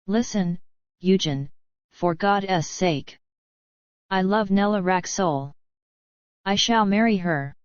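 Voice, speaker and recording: A woman reading the lines of an earnest male prince, the young prince's uncle, in an audiobook, speaking stiffly and quietly. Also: medium pitch, slow, pauses often, smooth, no room sound, highs cut off, close to an everyday voice. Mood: determined.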